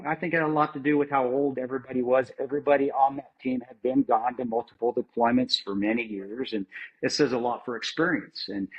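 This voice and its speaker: Husky american guy, middle-aged, tells it straight with lots of restarts, dull lo-fi podcast sound. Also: medium pitch. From United States. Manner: plain-spoken, many restarts, mild swearing. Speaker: interview guest, former Army Ranger and security contractor. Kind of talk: candid conversational storytelling.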